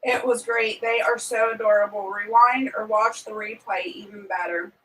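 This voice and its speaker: A woman chatting casually with viewers on a live stream, outspoken and quick to vent. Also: medium pitch, fairly even intonation, bright, forceful tone. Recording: voice a bit distant from the mic.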